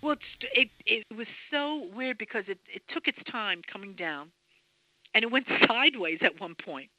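A woman with a high, very bright and sharp voice tells a story to an interviewer, excitable and tripping over her words as she restarts sentences. The sound is dry and close, with no room around it. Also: normal speed, no echo, rough recording. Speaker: interview guest.

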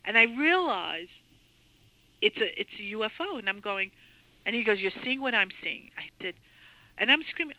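A woman guest telling a story in an interview, excitable and full of restarts and repeated words. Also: medium pitch, no room sound, poor audio.

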